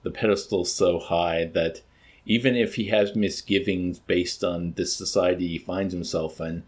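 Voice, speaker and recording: A man's voice: deep voice, steady tone, measured pace. A man reading a novel aloud and then discussing it in a hesitant, thoughtful way.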